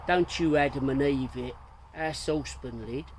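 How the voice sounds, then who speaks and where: A man's voice: medium pitch, measured pace, a little mellow, slight background noise, lightly acted. A man reading aloud, voicing a chatty young woman on holiday who speaks several languages.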